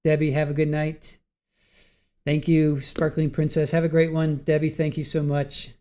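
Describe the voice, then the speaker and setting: A man's voice: fairly high pitch, completely flat delivery, moderate pace, warm tone. Giggly, punch-drunk male stream host. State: tired after a long stream. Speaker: livestream host. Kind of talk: casual chat with live chat viewers.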